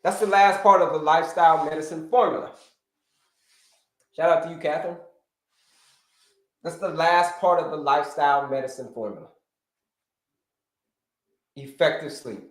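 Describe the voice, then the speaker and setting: An American health coach hosts a livestream lesson, his high-leaning voice moving at a moderate pace with frequent pauses in a roomy-sounding space. He teaches energetically on his livestream setup, repeating key points and greeting viewers by name.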